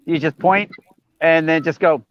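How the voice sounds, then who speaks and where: A man's voice: on the high side, steady tone, measured pace, clean tone, dry recording, highs cut off. A man from Indiana telling stories in a casual group chat over a video call. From Indiana, USA. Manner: storytelling, joking. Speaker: chat participant.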